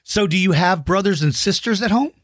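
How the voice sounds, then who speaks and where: A woman's voice: mid-range voice, a little fast, no room sound, clean studio sound. A woman hosting a playful chat with a child over a video call, joking and teasing with silly sound effects. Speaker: host.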